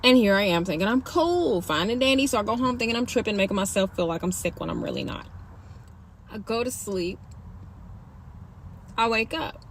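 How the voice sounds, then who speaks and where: A young woman telling her own story in a candid, animated, slangy way, speaking casually to camera. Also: medium pitch, moderate pace, pauses often, slight background noise. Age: young adult.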